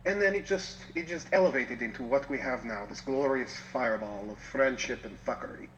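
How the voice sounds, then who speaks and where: A man's voice: medium pitch, a little fast, a bit bright, lo-fi sound, a little hiss or hum. Rambling, playful man guest. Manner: rambling, self-correcting, playful. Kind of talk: casual chat.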